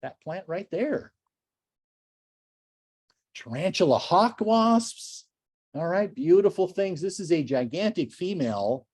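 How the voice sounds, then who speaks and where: Animated older man gushing over slides. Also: sits high, takes it slowly, long pauses, breathy edge, no echo, clean studio sound. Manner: enthusiastic, gushing, chatty asides. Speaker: naturalist lecturer. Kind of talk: slide talk to a club.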